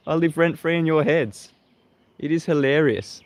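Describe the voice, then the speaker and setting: A man's voice: fairly high pitch, unhurried. An Australian man hosting a livestream, greeting viewers and mocking his critics with frequent laughter. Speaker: livestream host. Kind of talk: live-stream monologue greeting viewers.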